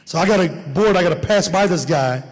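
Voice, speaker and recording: A man performing stand-up comedy, telling a story in an animated way and acting out the dialogue. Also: high voice, fast talker, big-room sound.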